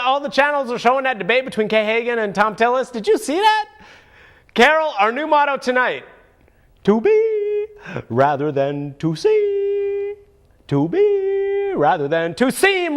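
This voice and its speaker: A man's voice: very high-pitched, a bit bright. A man voicing a wisecracking male monkey puppet in a comic political commentary, goofy and mocking, with sudden whooping outbursts. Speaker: puppet show host.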